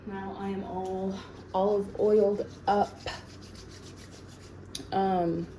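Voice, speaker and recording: A woman actor chatting casually while baking in her home kitchen, sassy and full of "like" fillers, in a tired, lower sleepy voice. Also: little pitch movement, extremely slow, mellow, slight background noise, poor audio.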